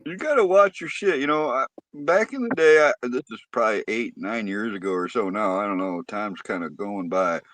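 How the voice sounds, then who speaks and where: A man's voice: on the low side, expressive, moderate pace, hardly any pauses, a bit bright. A man on a podcast telling a story in casual, profanity-heavy talk, getting heated as he goes.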